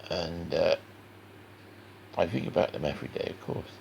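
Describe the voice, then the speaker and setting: Drawing as he talks, this West Country man gives a chatty cartoon tutorial, rambling to the viewer in a folksy manner with the accent of that English region. His voice is low, steady in tone, and moderately paced, with vocal fry and a slightly rough, somewhat mellow quality.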